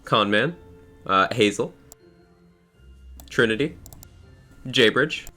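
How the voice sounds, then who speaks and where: A man's voice: mid-range voice, animated, slow, pushed and bright, soft background music. A man streaming a game live, chatting casually with viewers and thanking them, in a groggy, tired morning voice. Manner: reads out viewer names and thanks them, laid-back and chatty. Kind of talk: casual live-stream chat while gaming.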